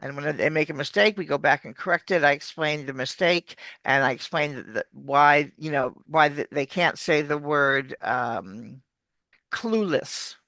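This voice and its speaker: A woman's voice: sits low, moderate pace, hardly any pauses, a bit bright, dry recording. A woman, a coach explaining pronunciation in a chatty, restarting way during an interview. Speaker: accent coach. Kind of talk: casual video-call interview.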